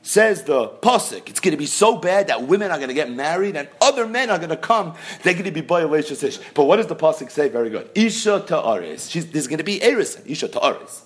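A man's voice: on the high side, fast, hardly any pauses. A man giving a Talmud lesson, explaining the text with emphatic questions and answers. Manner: lively, emphatic teaching with rhetorical questions. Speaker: Talmud teacher. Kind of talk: daf yomi Talmud lecture.

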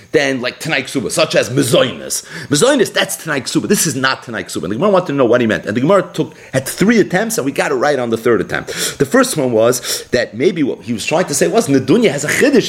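A man teaching a Talmud class in an explanatory way, mixing English with Hebrew and Aramaic terms. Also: mid-range voice. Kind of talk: daily Talmud page class.

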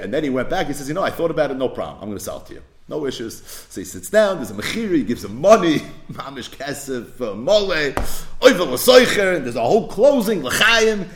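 A man teaching a Talmud class, mixing Hebrew and Yiddish terms into his English and acting out both sides of the case. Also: mid-range voice. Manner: acts out both sides of the case in story voices. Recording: echoey room.

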